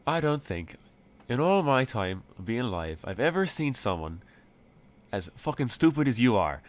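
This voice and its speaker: A man's voice: fairly low pitch, moderate pace, fairly bright tone, lightly acted. A man voicing a grumpy, insulting male leprechaun bartender in a tabletop game, talking with exasperated scorn. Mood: scornful.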